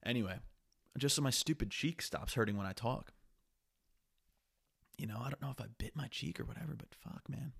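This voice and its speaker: A man's voice: medium pitch, expressive, a little fast, vocal fry, long pauses, a bit bright, slightly rough. A young man hosting a solo podcast, talking in a rambling, profane, candid way. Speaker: podcast host. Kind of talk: casual solo podcast monologue.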